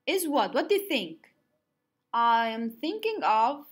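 Slow, lively woman teacher. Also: fairly high pitch, slightly rough. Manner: slow, clapping out syllables, lively sing-song. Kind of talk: teaching young pupils.

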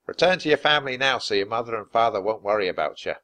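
A man's voice: lowish voice, animated. A man voicing an adult soldier captain in a storybook reading, with a firm, commanding manner. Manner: firm, commanding, loud, slow. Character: grown male soldier captain, gruff then kind.

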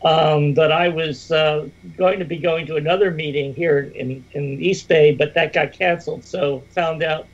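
A man's voice: fairly high pitch, steady tone, normal speed, few pauses. A man calling in to a radio talk show, easygoing and chuckling often as he chats. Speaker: regular radio caller. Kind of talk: phone-in chat. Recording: dull, lo-fi phone line.

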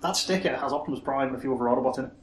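A man co-hosting a casual chat about toys, excitable and quick to laugh. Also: medium pitch. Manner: excitable, laughs often, repeats words for fun. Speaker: podcast co-host. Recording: echoey room with faint hiss.

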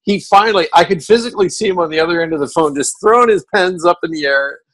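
A man co-hosting a radio talk show, telling animated stories and laughing often. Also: sits high, quick pace, rough recording. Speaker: radio co-host. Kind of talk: tribute storytelling on a talk show.

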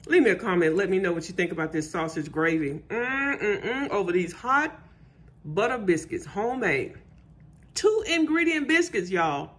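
A woman with a medium-pitched, expressive voice hosts her cooking channel at a normal speed, exuberantly humming and exclaiming as she tastes her food. It's a casual vlog where she chats with her viewers between bites.

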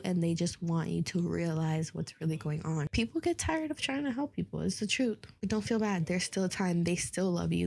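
Earnest woman with a low gravelly voice. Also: darkish tone. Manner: earnest and heartfelt, swears casually. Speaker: host of an advice series. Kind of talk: casual advice chat.

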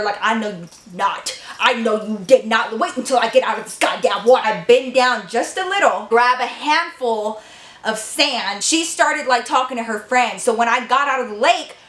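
A woman's voice: on the high side, a bit bright, roomy sound. A young woman vlogger telling a dramatic story in casual chat, full of filler words and swearing.

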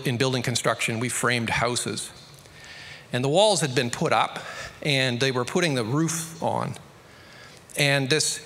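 Australian male pastor, bright sharp tone, reverberant church hall, storytelling sermon. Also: medium pitch. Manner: conversational, storytelling, quickening to emphatic peaks.

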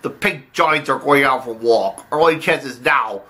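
A man's voice: mid-range voice, normal speed, bright, forceful tone, natural voice. A man voicing a scheming, cocky cockroach gang boss in a puppet comedy skit, rallying his crew in a bossy, speechmaking way. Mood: rousing.

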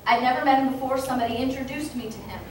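A woman's voice: high voice, very fast. A woman giving a storytelling speech to an audience, acting out the exchanges she quotes. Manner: animated, acts out quoted exchanges. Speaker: speaker at a political meeting. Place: meeting hall, indoors. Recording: echoey hall from far off with faint room noise.

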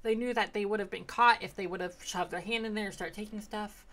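A young woman casually recapping her tabletop game sessions, rambling and swearing freely as she acts out quick quotes. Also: mid-range voice, steady tone, fairly bright tone. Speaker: player recapping a tabletop campaign.

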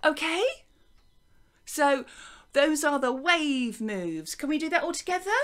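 A woman with an English accent teaching young children a music and movement lesson to camera, gentle and encouraging, chanting along with the actions. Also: sits high, sing-song, normal speed. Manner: gentle, encouraging, sing-song counting and chanting. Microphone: wearing a microphone.

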